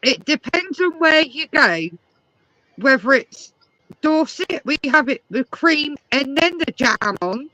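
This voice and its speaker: A woman's voice: high-pitched, lively intonation, takes it slowly, sharp tone, dry recording, muffled recording. An English woman chatting casually, explaining things at length. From England. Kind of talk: casual chat.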